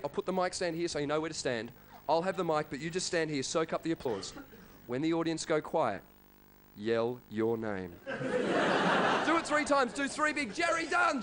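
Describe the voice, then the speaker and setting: Energetic Australian comic, high voice. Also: male voice. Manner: energetic, crowd work, loud shouted impressions. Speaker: stand-up comedian. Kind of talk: live stand-up routine. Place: comedy club stage. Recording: live comedy club with crowd and noise.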